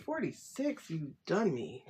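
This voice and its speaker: A woman's voice: low-pitched, huge pitch swings, measured pace, noisy background. A woman hosting a casual tarot livestream from home, rambling and chatty, laughing often as she talks to viewers through her phone.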